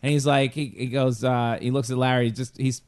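Rambling man with a mid-pitched voice. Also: little pitch movement, brisk, a little mellow, clear, resonant tone. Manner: rambling storyteller, checks in with "right?". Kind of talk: casual chat, telling an anecdote.

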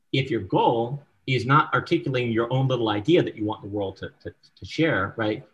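A screenwriter talking as a guest in a loose interview, easygoing and frank, with casual swearing. His voice sits at an ordinary middle pitch, and he keeps checking in with the listener as he thinks out loud. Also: rough recording.

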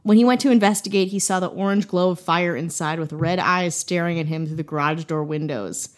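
A woman's voice: lowish voice, brisk. A young woman from Wisconsin tells a spooky local tale in a loose, chatty podcast style. She keeps breaking into jokes and laughs while she tells it. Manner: playful, jokey, laughs often. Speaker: podcast host. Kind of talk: casual storytelling chat.

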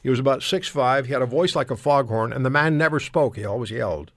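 A man's voice: medium pitch, fast talker, no echo. An older man from Canada hosting a casual panel talk show, telling rambling, self-deprecating stories.

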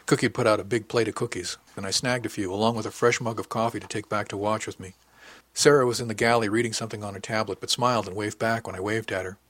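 A man narrates a first-person audiobook with a husky, breathy grain. His delivery is matter-of-fact and even, recorded dry with no room sound. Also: on the low side, fast, no echo.

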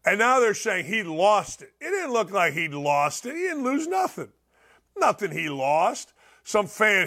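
A man hosting a sports podcast, ranting opinions on football with blunt, loud outbursts. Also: high-pitched, a little slow, creaky. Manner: loud, animated, ranting, swings into shouts.

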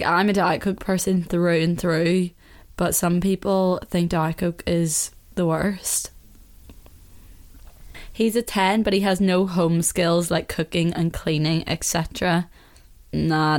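Young Northern Irish woman, solo podcast host; casual, chatty, opinionated, laughs a lot. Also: medium pitch. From Northern Ireland.

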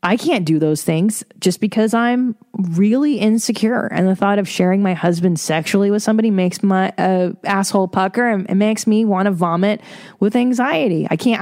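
A woman's voice: mid-range voice, darkish tone, no room sound, clean studio sound. A woman hosting her own podcast, ranting casually in a blunt, profane way. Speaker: podcast host. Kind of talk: solo podcast rant. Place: home recording studio.

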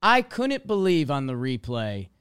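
A man's voice: mid-range voice, wildly swooping pitch, measured pace, fairly bright tone, smooth, no room sound. A man co-hosting a casual sports podcast, rambling through stats and jokes. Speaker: podcast co-host.

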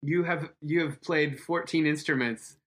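A man's voice: a little high, unhurried, a bit bright. A man appearing as a podcast guest, chatting casually and jumping in with enthusiasm. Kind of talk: casual chat.

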